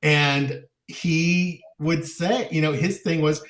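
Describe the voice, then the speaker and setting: A man's voice: on the high side, fairly even intonation, slow, few pauses, fairly bright tone, echoey room. A man co-hosting a talk show, speaking candidly and animatedly, sometimes mocking others in quoted voices. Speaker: podcast co-host. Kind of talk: casual chat.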